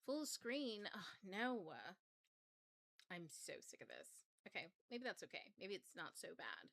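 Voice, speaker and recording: A woman's voice: mid-range voice, sing-song, a little slow, a bit bright, no room sound. A woman hosting a casual livestream, flustered and chatty. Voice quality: craggly. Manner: flustered, chatty, swears, laughs often. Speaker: host.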